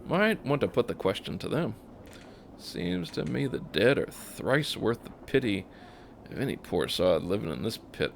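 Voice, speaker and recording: A man's voice: lowish voice, very animated, normal speed, creaky, a little hiss or hum. A man voicing a weary, plain-spoken mourner of the dead who talks in a folksy, rueful way.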